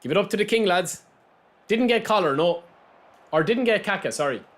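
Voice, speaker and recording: A young Irish man streams a football video game live, chatting to his viewers and reacting to every pass and miss. His voice sits a little high and jumps around a lot as he talks. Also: animated, moderate pace. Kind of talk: live gameplay commentary.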